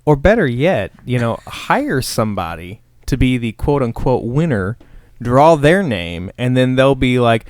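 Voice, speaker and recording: A man's voice: mid-range voice, big pitch swings, measured pace, dry recording, clean studio sound. An American man co-hosting a podcast, teasing the others in casual chat. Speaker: podcast co-host.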